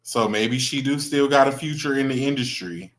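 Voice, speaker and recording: Chatty, bright-voiced man on a livestream. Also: mid-range voice, moderate pace. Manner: chatty, greets viewers by name, gossipy. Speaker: livestream host. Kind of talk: casual livestream chat.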